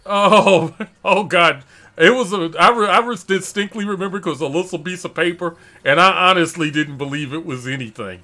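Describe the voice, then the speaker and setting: A middle-aged streamer host from Detroit tells stories in a casual chat, his voice sitting high at a normal speed. He's animated, laughs often, and acts out the quotes.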